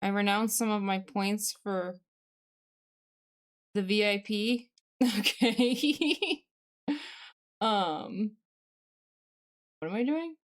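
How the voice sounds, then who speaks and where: A woman's voice: medium pitch, extremely slow, long pauses. A woman streaming live, chatting casually and talking straight to her viewers at a home desk microphone. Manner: chatty, talks straight to viewers, reacts to chat.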